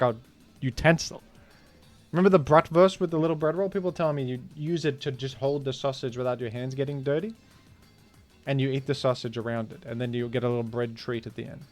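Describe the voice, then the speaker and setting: Animated man commentating a guessing game. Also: fairly high pitch, no echo. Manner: animated, incredulous outbursts. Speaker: streamer. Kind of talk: casual gaming commentary.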